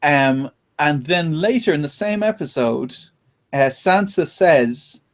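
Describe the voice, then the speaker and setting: A man hosting a podcast, chatting casually and retelling things with animated laughter. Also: on the high side, takes it slowly. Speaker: podcast host. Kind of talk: casual chat.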